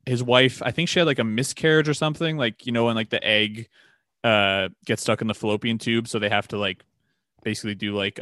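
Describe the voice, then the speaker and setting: A man's voice: fairly low pitch, fairly bright tone, dry recording, studio quality. A man co-hosting a podcast, talking loosely and profanely and laughing often. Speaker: podcast co-host. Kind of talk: casual podcast banter. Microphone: podcast mic.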